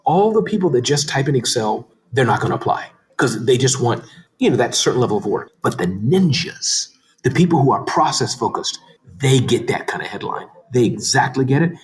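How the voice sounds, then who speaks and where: A man speaking as a guest in a casual interview, animated and talking quickly, sometimes slurring words. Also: mid-range voice. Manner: fast, animated, says he talks too fast. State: tearing up, emotional. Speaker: podcast guest, business founder.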